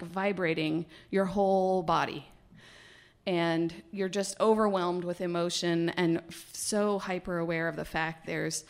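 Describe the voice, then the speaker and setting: A middle-aged woman giving a talk, telling a personal story in an animated, laughing way and acting out the quotes. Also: fairly low pitch.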